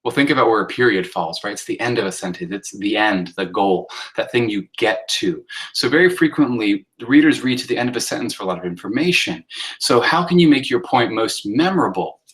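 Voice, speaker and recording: A man, a writing instructor, giving a recorded lecture on sentence style. He talks through slides casually with many fillers and reads example sentences aloud in a raised, animated voice. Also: on the low side, fairly quick, poor audio. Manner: conversational teaching with many fillers, acting out example sentences in a lifted voice.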